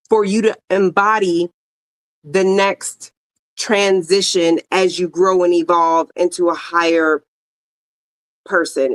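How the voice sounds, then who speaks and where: A woman's voice: fairly low pitch, dry recording. A woman giving a casual tarot reading straight to her viewers, with lots of slang and fillers like "you know what I'm saying.". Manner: slangy, talks to viewers directly with many fillers. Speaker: tarot reader.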